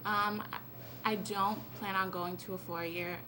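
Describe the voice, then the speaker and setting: A woman's voice: mid-range voice, fairly even intonation, measured pace. Teenage girl, giggly, rambling, handheld mic, background noise. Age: late teens. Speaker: honored student. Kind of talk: tearful-happy thank-you speech. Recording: noisy event recording.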